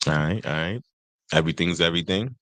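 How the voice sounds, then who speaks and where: Deep-voiced man, joking chat. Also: fast talker, no echo. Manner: joking, animated storytelling with mimicked quotes. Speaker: podcast co-host. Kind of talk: casual chat.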